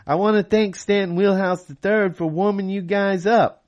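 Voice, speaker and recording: A drawling, nasal folk-singer voice, pitched well above the reader's own and pushed louder and slower, as he plays a singer working a crowd, put on by a man reading his novel aloud. It has the loose, showy drawl of a stage impression. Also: steady tone, muffled recording. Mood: drawling showman.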